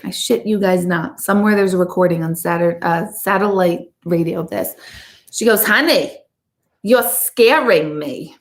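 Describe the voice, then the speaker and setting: A woman's voice: on the low side, fairly even intonation, moderate pace. A middle-aged woman and intuitive coach, chatting casually and candidly to her viewers in a blunt, talkative way. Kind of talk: casual live chat to viewers.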